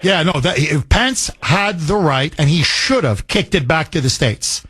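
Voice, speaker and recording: A man's voice: fairly high pitch, animated, measured pace, fairly bright tone, slightly rough, no room sound. A man hosting a call-in political talk radio show, talking emphatically with repeated phrases and rambling asides.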